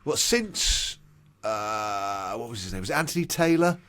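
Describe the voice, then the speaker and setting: A man with a fairly low voice weighs in on a casual podcast. He speaks in a measured, thoughtful way and sometimes stalls while searching for a word. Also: animated, fairly bright tone. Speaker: podcast co-host.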